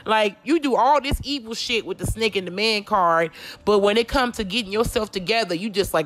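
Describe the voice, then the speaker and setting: A woman's voice: mid-range voice, a little fast, fairly bright tone. A woman doing a casual tarot reading, talking bluntly and confrontationally with lots of swearing. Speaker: tarot reader.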